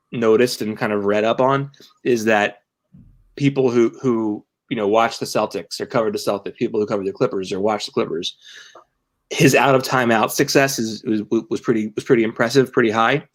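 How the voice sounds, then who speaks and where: A man's voice: mid-range voice, fairly even intonation, normal speed. A young man co-hosting a sports podcast, talking casually and rambling through many restarts and fillers. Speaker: podcast co-host and team writer.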